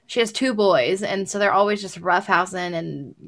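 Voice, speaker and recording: A young adult woman in casual chat, telling animated stories with frequent laughter and swearing. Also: mid-range voice, normal speed.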